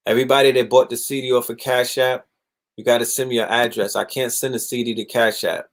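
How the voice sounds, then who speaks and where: A young man hosting a casual livestream monologue, animated and profane, sometimes mocking others in put-on voices. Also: medium pitch, brisk. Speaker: livestream host.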